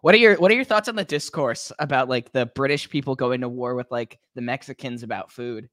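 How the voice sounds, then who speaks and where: A young man co-hosting a podcast, chatting casually and joking in an animated way. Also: medium pitch, fairly quick, no echo, studio quality. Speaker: podcast co-host. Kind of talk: casual chat.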